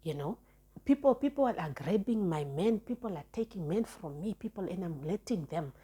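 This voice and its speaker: A woman's voice: lowish voice, animated, moderate pace, warm tone, slightly rough. A young woman telling a personal relationship story in a chatty, frank way, often restarting and repeating words. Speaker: storytime vlogger. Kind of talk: casual storytelling monologue.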